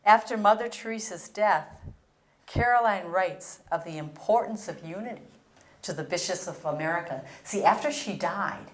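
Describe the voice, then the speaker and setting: An older religious sister giving an earnest historical presentation, telling stories and reading out letters. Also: female voice, on the low side, moderate pace, echoey room. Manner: earnest storytelling with read-out quotes.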